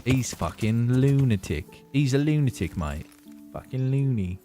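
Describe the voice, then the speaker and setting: A man's voice: medium pitch, animated, a little slow, dark tone, faint music behind. A young man streaming a game live, rambling and joking with his chat in casual, profane banter at a desk microphone. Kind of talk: casual gaming livestream chat.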